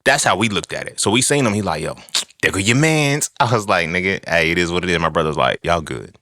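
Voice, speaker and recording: A man's voice: low voice, quick pace, no echo, studio quality. A young man telling a personal story in a casual, profane monologue, acting out what people said. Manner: animated, profane storytelling with acted-out quotes. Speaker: podcast host.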